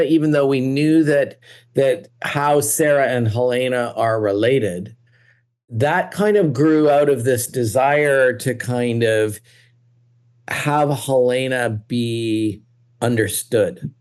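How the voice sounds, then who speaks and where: A man's voice: medium pitch, slow pace, darkish tone, smooth. A man, a guest television creator, talking casually and thoughtfully on a podcast, often circling back with restarts.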